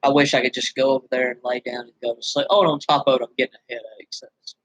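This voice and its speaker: A man's voice: mid-range voice, level tone, very fast, fairly bright tone, no room sound, rough recording. Weary, bitter man venting, dry room. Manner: weary, bitter and rambling, with many restarts. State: dry-throated after screaming. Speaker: vlogger. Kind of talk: venting straight to camera.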